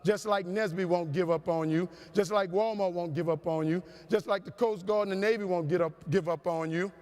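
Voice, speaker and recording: Keynote speaker, male, higher voice, animated preacher cadence, reverberant hall. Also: brisk. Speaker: motivational speaker. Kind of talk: storytelling keynote speech. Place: large conference hall.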